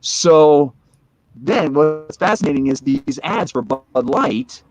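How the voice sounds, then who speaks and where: A man's voice: a little high, expressive, takes it slowly, lo-fi sound. A man in his forties, a guest in a casual chat, telling a long story full of fillers and asides. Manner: rambling anecdotal storytelling with many fillers.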